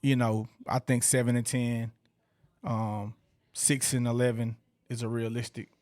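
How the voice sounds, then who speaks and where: A man's voice: mid-range voice, little pitch movement, unhurried, a little mellow, no room sound. A man co-hosting a casual live-stream podcast, chatting in an easygoing way. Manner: easygoing, brief reactions. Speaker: podcast co-host.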